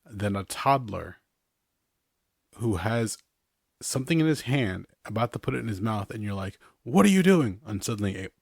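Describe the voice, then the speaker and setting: Low-voiced man in casual podcast chat. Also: moderate pace, vocal fry, pauses often, breathy edge, no echo, studio quality. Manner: rambling, chuckles often between remarks. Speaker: podcast host.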